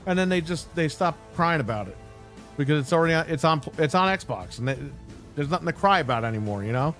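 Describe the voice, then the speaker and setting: A man with a fairly high voice delivers a heated, profane rant on a live stream. He talks bluntly and mocks the voices of the people he is complaining about. Faint music plays behind him. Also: lively intonation, fast, fairly bright tone. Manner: angry, blunt and heavily profane, mocking voices he quotes.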